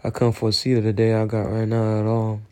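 A man rambles through a personal monologue, loose and full of slang. He sounds close to tears, and his voice is mellow and dark. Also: on the low side, monotone, a little fast, clean tone. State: on the verge of tears. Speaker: solo show host.

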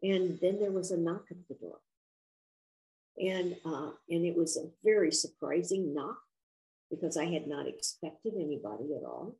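An older woman guest telling a personal story, her low voice carrying a gravelly edge. She talks in a reflective, earnest way, taking her time. Her tone is sincere throughout. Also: expressive, moderate pace, dark tone, low-quality recording. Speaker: author and interview guest.

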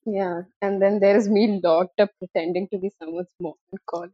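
A young woman co-hosting a casual podcast, telling an animated story and laughing while quoting herself. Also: mid-range voice, normal speed, dry recording, dull audio. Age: young adult. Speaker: podcast co-host.

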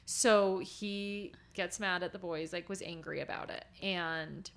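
A woman's voice: on the low side, unhurried. Woman in her 30s, podcast cohost, chatty storyteller, laughs a lot and acts out quotes. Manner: animated storytelling, acting out quotes with lots of laughter. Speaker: podcast co-host. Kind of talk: casual chat.

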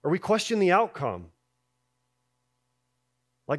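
Male pastor, fairly high voice, casual conversational sermon delivery, soft drops for emphasis. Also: unhurried. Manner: conversational preaching, drops soft on key lines, rises when voicing doubts.

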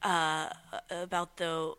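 A woman chatting casually, quick to react with gasps and laughs. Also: low voice, level tone, pushed and bright, clear, resonant tone. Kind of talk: casual chat.

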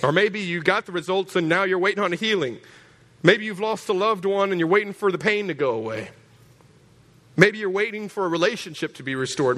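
A man preaching a sermon as pastor, animated and joking, acting out voices. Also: high-pitched. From Texas.

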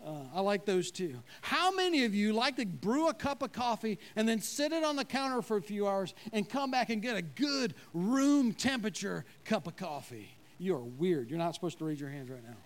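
A man preaching a sermon as pastor, in a conversational way, asking the congregation questions and dropping to a low, quiet voice when he quotes God. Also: lively intonation, moderate pace, hardly any pauses.

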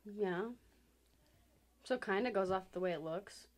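A woman's voice: mid-range voice, unhurried. A woman in a casual trivia chat with friends, playful and laughing as she teases the others. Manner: playful, laughing, teasing quizzer.

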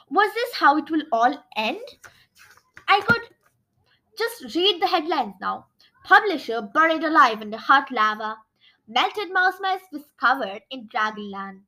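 A woman reads a children's storybook aloud in an animated, dramatic way. Her voice is high and bright, and her pitch swings widely from line to line. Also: poor audio. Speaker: storybook reader. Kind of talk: expressive children's book narration.

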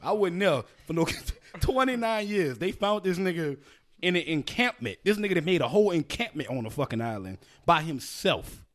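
A man hosting a podcast, telling a story in loud, profane, animated casual banter. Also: a little high, moderate pace. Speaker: podcast host.

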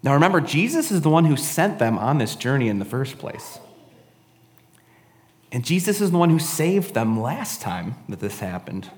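A man's voice: fairly high pitch, big pitch swings, moderate pace, long reverb tail. A man giving a casual, conversational sermon, often adding "right?" and "honestly". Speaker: preacher.

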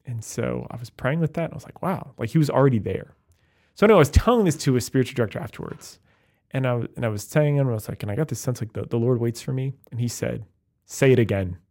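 A man, a Catholic priest, talking in a relaxed, animated chat full of fillers like "like" and "you know". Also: mid-range voice. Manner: fast, animated, many fillers. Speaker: Catholic priest, podcast co-host. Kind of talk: casual chat.

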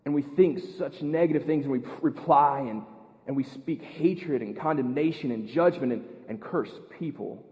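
An American man preaching a sermon as pastor, earnest, repeating words and building to loud emphasis. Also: mid-range voice, normal speed, big-room sound, highs cut off. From United States. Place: church.

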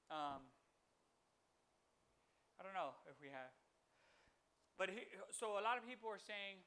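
Man, devotional podcast host, high bright voice, loose rambling delivery with restarts. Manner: animated, rambling with restarts, acts out quotes. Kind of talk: informal devotional teaching.

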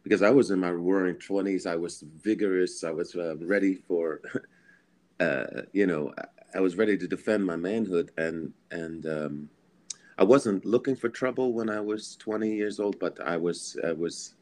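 A man from Philadelphia, a guest musician, telling a personal story in a podcast interview from home, earnest and animated, chuckling and repeating words. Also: low-pitched, moderate pace. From Philadelphia, USA.

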